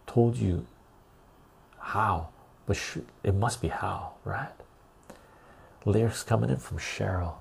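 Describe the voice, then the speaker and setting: A lowish-voiced man runs a soft-spoken ASMR live stream, reading out lyrics his viewers send in. His delivery is slow and hushed, and his voice turns rough and cracks.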